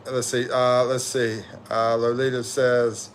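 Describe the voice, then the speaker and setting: Slow and flat in a mid-range voice, with slight background noise, a tired middle-aged man from the USA hosts a livestream. He chats loosely while reading viewer comments, rambling with slangy talk and self-corrections.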